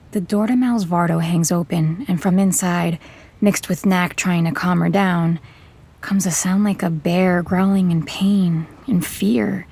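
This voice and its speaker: A woman narrating an audio drama in first person as a tough, terse gunslinger, in a measured, hard-bitten way. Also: on the low side, gravelly, mellow, slightly rough, full character voice.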